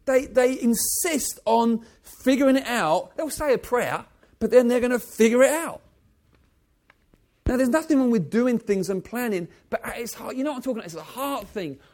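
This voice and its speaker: A man preaching a sermon, swinging from loud exclaiming passages to soft, low, intimate ones and asking the congregation questions. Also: animated, normal speed. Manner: asks the congregation direct questions.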